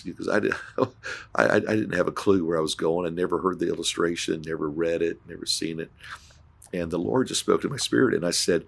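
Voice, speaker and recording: Deep gravelly man telling a story. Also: fairly quick. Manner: earnest, retelling scenes with quoted dialogue, frequent restarts. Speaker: pastor and podcast guest. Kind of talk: conversational podcast storytelling.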